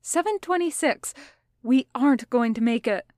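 A woman's voice: sits high, lively intonation, darkish tone, dry recording, studio quality, voice pushed up. Woman reading as a precise, logical young man. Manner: exact, formal speech, quick when alarmed.

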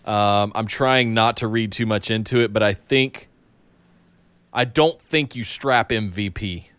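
Low, smooth-voiced man giving brief replies. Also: a little slow, fairly bright tone, dry recording, lo-fi sound. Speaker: podcast co-host. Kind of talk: casual wrestling predictions chat.

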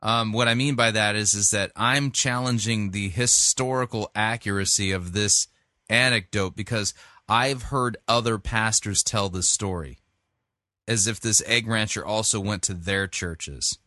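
A man's voice: fairly low pitch, measured pace, pushed and bright, dry recording, clean studio sound. A man hosting a sermon review, making wry, skeptical casual commentary. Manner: wry, skeptical, with sports metaphors. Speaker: podcast host reviewing a sermon.

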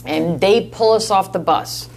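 A woman telling a lively personal story as a guest, laughing often and gesturing as she talks. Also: medium pitch, unhurried, vocal fry, slight background noise. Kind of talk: casual storytelling.

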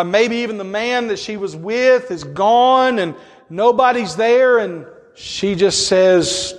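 A man preaching with a high, ringing voice that climbs into passionate cries and sinks into hushed retelling. His words trail off into the long reverb of a big hall. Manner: impassioned, swings between soaring high cries and low hushed storytelling. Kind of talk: sermon.

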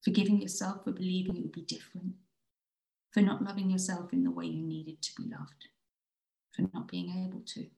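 A woman reading her own spoken-word poem in a slow, soft, intimate way. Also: fairly low pitch, flat delivery, vocal fry, echoey room, rough recording. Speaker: writer reading her piece.

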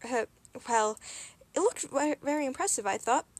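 A woman's voice: sits high, animated, moderate pace, pitched above the performer's own voice. A woman voicing a fussy, worried male angel who talks in an anxious, hesitant and apologetic way. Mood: flustered.

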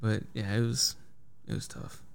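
A man's voice: fairly low pitch, fairly even intonation, normal speed, gravelly, clean tone. A young man hosting a podcast, telling a long story in a rambling casual way, full of "like" and swearing. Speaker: podcast host. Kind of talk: casual chat.

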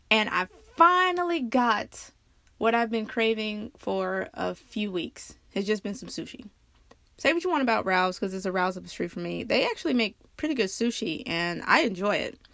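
Candid, swearing woman podcaster. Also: dry recording. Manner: candid, laughs often, swears freely; animated storytelling with big pitch jumps. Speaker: podcast host. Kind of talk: casual personal monologue.

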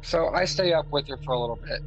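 A man's voice: fairly high pitch, fast talker. A man from Arkansas co-hosting a casual podcast, a laid-back storyteller who fills his talk with fillers. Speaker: podcast co-host. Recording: dull lo-fi audio with loud music behind.

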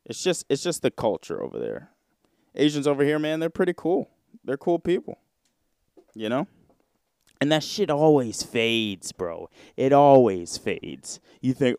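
A man's voice: medium pitch, big pitch swings, a little slow, darkish tone, clear, resonant tone, dry recording, clean studio sound. A young man hosting a podcast solo, chatting casually in a rambling, slangy, profane way. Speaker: podcast host.

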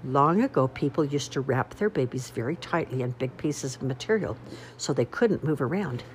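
A woman's voice: a bass voice, expressive, moderate pace, a little hiss or hum. A woman voicing a patient mother who reads and explains to children in a storybook reading. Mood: reading aloud. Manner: patient, explaining, a little weary.

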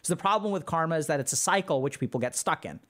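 A man's voice: fairly high pitch, fast talker. Casual man explaining on stream. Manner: relaxed, filler-heavy, explains with slang. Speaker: livestream host answering chat. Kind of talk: casual teaching chat.

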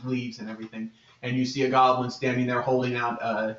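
A man narrating as game master in a relaxed, halting way. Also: medium pitch. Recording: echoey room, dull lo-fi sound.

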